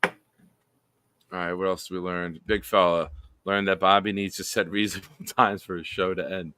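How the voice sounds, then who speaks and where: A man's voice: sits low, flat delivery, normal speed, bright, forceful tone, clean tone, no echo. A man hosting a casual live stream, reading viewer comments aloud and laughing often. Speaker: live show host.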